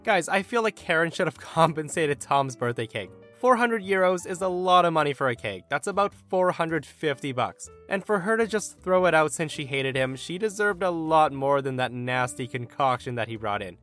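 A man hosting a podcast, reading internet stories aloud in an animated, expressive way with his own comments. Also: on the high side, normal speed, few pauses, faint music behind. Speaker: story narrator and podcast host.

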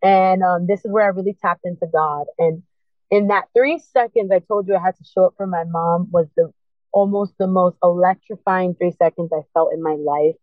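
A woman's voice: on the low side, normal speed, no echo. Woman, earnest emotional storytelling, acts out dialogue, tinny phone-like sound, dry. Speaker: speaker sharing a personal testimony. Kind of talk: personal storytelling.

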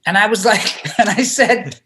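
A man's voice: high voice, fairly quick, noisy background. A middle-aged man, an actor guest, telling a story casually with laughs and many restarts.

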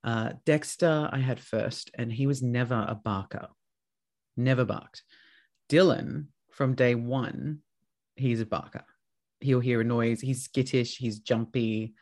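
A man hosting a casual chat, telling lively stories with plenty of swearing. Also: medium pitch, slow pace. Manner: chatty, swears freely, tells animated stories.

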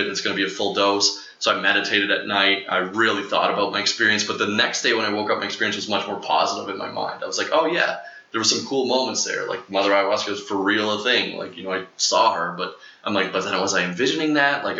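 A man's voice: fairly low pitch, bright, forceful tone. A young man telling a long personal story in casual chat, rambling with many fillers and acting out what people said. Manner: rambling, filler-heavy, acts out quotes. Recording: echoey lo-fi room.

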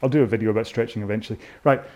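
A man's voice: on the low side, fairly even intonation, rapid-fire, darkish tone. Rambling, self-mocking British man coaching. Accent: British English. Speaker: rowing coach. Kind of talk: chatty coaching while rowing. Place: indoors at a rowing machine.

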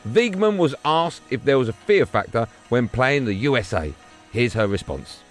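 A man hosting a sports podcast, brisk and jokey. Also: medium pitch, very animated, soft background music. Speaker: podcast host.

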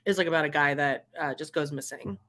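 Woman, podcast co-host, casual chat, bright tone, rambling, laughs a lot. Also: low-pitched, fast. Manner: chatty, rambling, laughs often.

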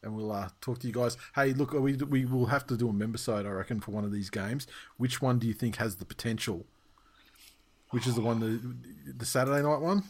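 A man hosts a podcast in a loose, casual style. He rambles and restarts his sentences, fills the gaps with fillers and swears now and then. His voice sits at an ordinary middle pitch. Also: steady tone, brisk. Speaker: podcast host. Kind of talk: casual chat.

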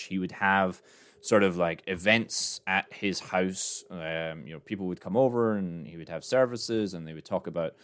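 A very deep-voiced man spins a history yarn for a podcast. His voice comes through smooth and resonant, and he keeps it loose and jokey, dropping ums between facts. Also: a bit bright. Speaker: podcast co-host. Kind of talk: casual storytelling chat.

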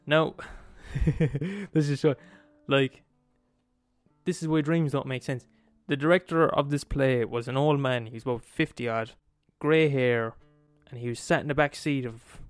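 A man's voice: medium pitch, clean tone, no echo. Irish man telling a sweary story. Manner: animated, swears a lot, asks the listener "right?". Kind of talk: casual storytelling.

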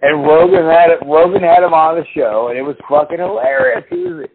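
A man's voice: a little high, lively intonation, fairly quick, gravelly. Profane rambling man on a tinny line. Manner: profane, rambling, mimics people in big voices. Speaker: podcast host. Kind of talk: casual chat. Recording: phone-like lo-fi call audio with faint noise.

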